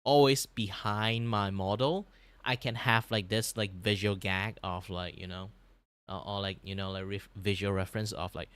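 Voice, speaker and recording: A young Malaysian VTuber with a Malaysian English accent chats casually on a livestream, animated and rambling, with many restarts and bursts of laughter. His voice is lowish, clear and resonant, at a moderate pace.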